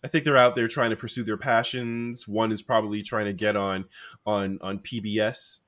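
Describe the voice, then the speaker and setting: A man co-hosting a podcast, joking around in casual chat, with his voice jumping up when he gets excited. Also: moderate pace. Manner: joking, playful, pitch jumps up when excited. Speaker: podcast co-host.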